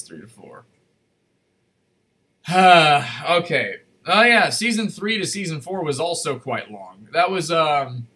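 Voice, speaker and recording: A man hosting a casual livestream from his desk, rambling and correcting himself as he chats, his voice going slightly hoarse. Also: a little high, bright, forceful tone. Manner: rambling, chatty, self-correcting. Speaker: livestream host. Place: at a desk in a room.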